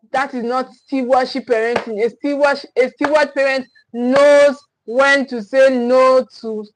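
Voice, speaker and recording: A high-pitched woman, recorded with poor audio quality, gives a teaching talk on a livestream as a parenting coach. She repeats her key phrases with emphasis, often restarts her sentences, and keeps checking in with "okay?".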